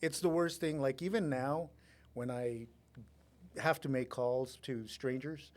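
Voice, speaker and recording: A man who works as an insurance agent, a podcast guest speaking in a relaxed, halting, self-deprecating way. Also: mid-range voice. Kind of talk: casual interview chat.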